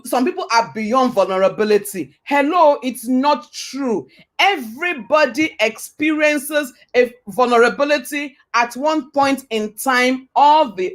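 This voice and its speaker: A woman with a high-sitting voice gives a motivational talk. She speaks emphatically, repeating her points and asking rhetorical questions, and sometimes quotes scripture the way a preacher would.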